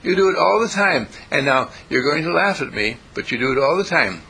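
A man's voice: fairly high pitch, very animated, a little fast, gravelly, bright, forceful tone, husky, low-quality recording. A man giving an inspirational spiritual talk in a folksy, repetitive way, chuckling as he preaches. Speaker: spiritual speaker.

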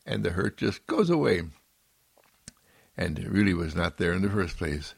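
A man giving a gentle, repetitive, affirming inspirational sermon. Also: sits low, very animated, normal speed, vocal fry, slightly rough, dry recording, studio quality.

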